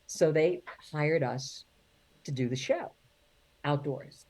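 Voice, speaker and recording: Middle-aged woman, comic storyteller, lowish voice, plays her relatives' voices and laughs a lot. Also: slow pace, dark tone. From New York. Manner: acts out family voices, laughs often. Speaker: guest, singer and comedian. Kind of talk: animated storytelling interview.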